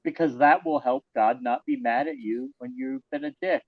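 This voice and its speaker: A man's voice: mid-range voice, normal speed, narrow, tinny audio. A man co-hosting a podcast, chatting casually and mocking the text with snide paraphrases. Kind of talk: casual sarcastic chat.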